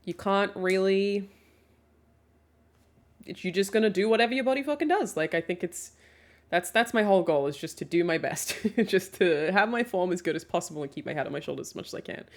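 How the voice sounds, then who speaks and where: A young woman streams and chats casually with her viewers, reading their questions out loud. Her mid-range voice is animated and a little fast, and she swears freely, laughs a lot, and peppers her talk with "um"s.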